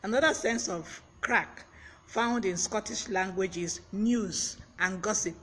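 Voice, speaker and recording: A man's voice: high voice, a little slow, fairly bright tone, breathy edge. A man giving a chatty live-streamed vocabulary lesson, greeting viewers by name and laughing often. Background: fan blowing.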